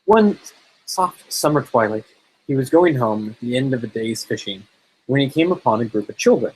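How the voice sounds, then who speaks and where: A man reading fairy tales aloud in a laid-back way and sometimes tripping over a word. His voice is husky and sits at a mid pitch. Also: moderate pace, rough recording. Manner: relaxed, stumbles and jokes between lines. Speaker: storybook reader.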